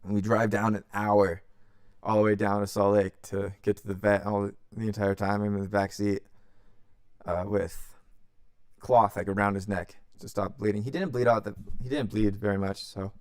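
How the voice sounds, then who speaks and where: A man's voice: fairly low pitch, level tone, moderate pace, clear, resonant tone, no echo, studio quality. A young man, hosting a podcast and telling a long story in a loose, profane way, acting out quotes as he goes. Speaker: podcast host. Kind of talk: casual storytelling.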